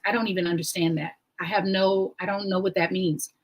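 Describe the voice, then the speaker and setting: A woman hosting her own live-stream talk show, speaking in a casual, emphatic and animated way and reading aloud from a book. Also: normal speed, poor audio. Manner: animated and emphatic, swings up in pitch when excited. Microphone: home live-stream mic.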